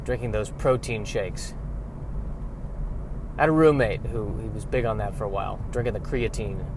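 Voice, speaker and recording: A man's voice: on the low side, normal speed, background noise. A man, an actor, chatting casually in a self-deprecating, rambling way while driving his car. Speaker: character actor.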